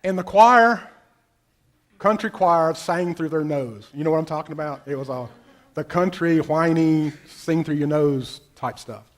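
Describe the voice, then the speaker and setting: Middle-aged male pastor, slightly high voice, storytelling sermon that swings from loud to hushed. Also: a little slow.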